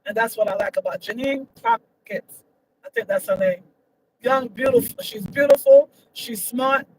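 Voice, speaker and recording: A woman's voice: a little high, moderate pace, background noise. A woman giving her opinions in a casual vlog, emphatic and repetitive, her voice leaping up when she gets indignant. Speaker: vlogger.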